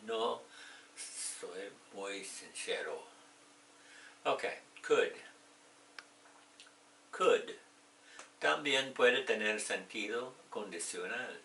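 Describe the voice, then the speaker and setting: A man with a gravelly, bright voice teaches English at a slow, patient pace. He explains each phrase in English and again in Spanish, with a playful touch. The sound is echoey and a little distant from the mic. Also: on the low side, a little hiss or hum. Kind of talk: slow bilingual lesson with jokes.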